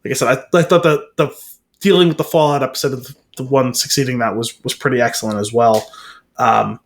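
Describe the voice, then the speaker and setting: A man's voice: medium pitch, fairly even intonation, quick pace. A man co-hosting a podcast in casual chat, rambling and hedging with lots of fillers. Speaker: podcast co-host.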